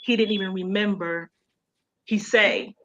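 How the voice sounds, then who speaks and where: A woman's voice: medium pitch, steady tone, measured pace, fairly bright tone, a little hiss or hum. Emotional woman telling her story, lo-fi. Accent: Baltimore. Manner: emotional, conversational, many fillers like "you know". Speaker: guest. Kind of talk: personal storytelling in a radio interview. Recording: dull lo-fi sound.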